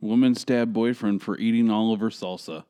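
A man's voice: fairly low pitch, steady tone, moderate pace, warm tone, clean tone. A man co-hosting a podcast in casual chat, laid-back, giving short replies and reading headlines aloud. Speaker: podcast co-host.

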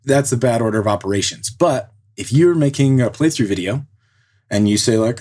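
Husky-voiced guy on a podcast, earnest and motivational, lays it out step by step. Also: medium pitch, expressive, brisk, a little mellow. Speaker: podcast co-host. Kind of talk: casual podcast chat giving advice.

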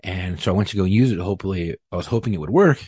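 A man with a husky, somewhat low voice tells a police story in loose podcast chat. He swears a lot and acts out the quotes. The sound is dry and close. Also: racing, no echo. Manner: profane, animated, acts out quotes. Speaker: police officer telling a story.

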